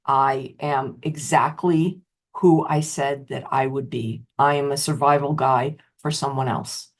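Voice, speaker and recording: A middle-aged woman, a betrayal recovery specialist, tells her own story with emotion, repeating phrases and swinging her pitch up hard for emphasis. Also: steady tone, a little slow. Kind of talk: personal testimonial talk.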